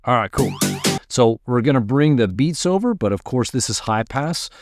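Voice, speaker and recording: A man casually teaching music production, thinking aloud while he works and muttering at his software. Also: medium pitch, animated, moderate pace. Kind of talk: casual screen-recorded tutorial.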